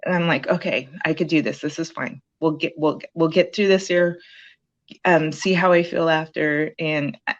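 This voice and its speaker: A woman with a low voice recounts her experience in a relaxed interview. She rambles with many "um"s and restarts. The sound is dull and lo-fi, like a call. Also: moderate pace. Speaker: program graduate sharing her story. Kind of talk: casual interview testimonial.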